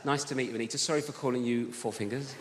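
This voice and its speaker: A man's voice: mid-range voice, steady tone, very fast. A man doing stand-up crowd work, chatting with an audience member in an apologetic, self-mocking way. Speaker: stand-up comedian. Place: theatre stage. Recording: echoey venue with crowd noise. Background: audience laughter.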